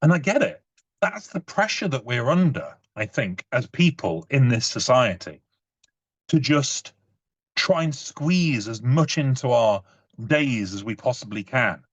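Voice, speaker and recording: A man's voice: medium pitch, animated, a little slow, muffled recording. A British man in his thirties giving a casual talk, telling personal stories in a chatty way with many restarts. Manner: chatty, frequent "you know", stumbling restarts.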